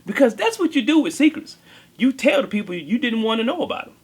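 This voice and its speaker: A man voicing a hulking male bodyguard butler who whispers secrets in a hushed, conspiratorial way. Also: very high-pitched, very animated, fast talker, slightly rough, voice pushed up, full character voice.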